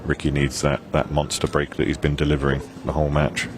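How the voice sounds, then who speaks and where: Male pool commentator, very low voice, easygoing and chatty, booth hum behind. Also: monotone, brisk. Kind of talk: live sports commentary.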